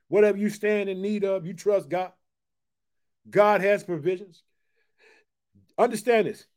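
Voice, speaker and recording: Man, preacher, high voice, emphatic asides, sermon with scripture reading. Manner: emphatic, call-and-response asides.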